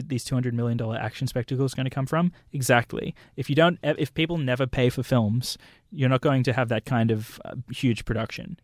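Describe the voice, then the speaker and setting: A man's voice: medium pitch, no echo. Rambling man, dry close sound. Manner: rambling, digressive, self-correcting. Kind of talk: casual film chat.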